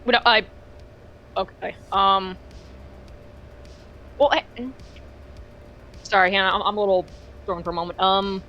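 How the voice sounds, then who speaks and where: A woman playing a tabletop game, talking in a hesitant, halting way and often restarting her sentences. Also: mid-range voice, fairly even intonation, lo-fi sound, a little hiss or hum. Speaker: player.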